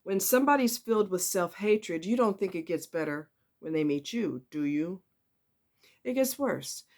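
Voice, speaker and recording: A woman giving a casual monologue about relationships, emphatic and animated, repeating words for effect. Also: on the low side, moderate pace. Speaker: relationship commentator.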